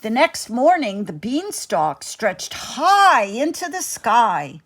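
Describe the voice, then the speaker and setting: Woman storyteller, slow and dramatic, lively pitch. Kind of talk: bedtime story narration.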